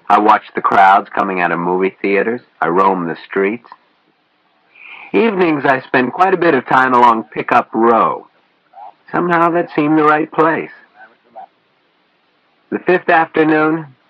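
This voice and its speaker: A man's voice: mid-range voice, no room sound, highs cut off. A man narrating an audiobook in the first person, with a wry, hard-boiled storytelling manner.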